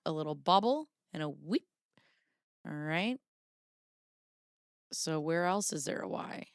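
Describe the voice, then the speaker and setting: Woman host rambling thru handwriting samples, kinda low voice, clean dry sound. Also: a bit bright, clean tone, dry recording. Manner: rambling, self-interrupting, apologetic asides. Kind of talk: casual commentary.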